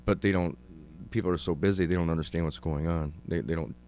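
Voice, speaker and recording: Deep-voiced man narrating his clips. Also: steady tone, fast, darkish tone, a little hiss or hum. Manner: hesitant, many ums and restarts. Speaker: guest showing his own videos. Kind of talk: conversational interview, narrating clips.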